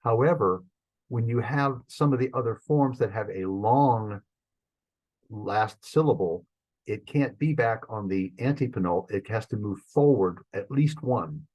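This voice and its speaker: Man, church classroom teacher, grammar lesson, husky voice, lowish pitch, informal with fillers. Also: measured pace, a little mellow, low-quality recording. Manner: informal, explains step by step with many fillers and restarts. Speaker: Greek teacher.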